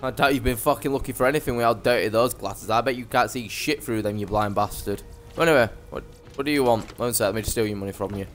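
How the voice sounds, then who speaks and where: A man's voice: mid-range voice, fast, a bit bright. A young man giving brash, sweary live commentary as he streams a game.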